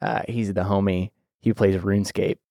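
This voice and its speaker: A man's voice: sits low, level tone, moderate pace, vocal fry, mellow, dry recording, studio quality. A man hosting a podcast in casual chat, rambling and joking, with lots of fillers. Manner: rambling, full of fillers and jokes. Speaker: podcast host.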